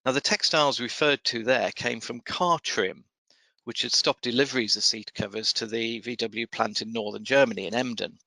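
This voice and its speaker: A man hosting a podcast, reading procurement news in a measured, dryly wry way and then interviewing a guest. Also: mid-range voice, gravelly, bright, forceful tone, no room sound, rough recording. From United Kingdom. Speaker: podcast host. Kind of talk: scripted news commentary and interview.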